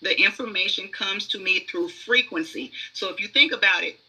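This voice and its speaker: A woman's voice: medium pitch, normal speed, sharp tone, husky, low-quality recording. A woman who is a guest oracle reader, telling stories in conversational podcast talk, emphatic and acting out the inner voices she describes.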